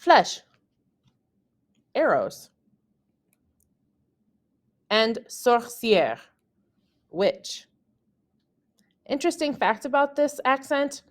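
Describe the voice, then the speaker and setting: Slow, careful woman teaching. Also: on the high side, lively intonation. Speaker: French teacher. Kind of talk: slow scripted lesson narration.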